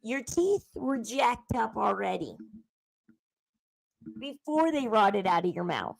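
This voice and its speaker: A woman's voice: a little high, very animated, takes it slowly, gravelly, no room sound, rough recording. A woman streamer giving emphatic true-crime gossip commentary, repeating points and lecturing her viewers.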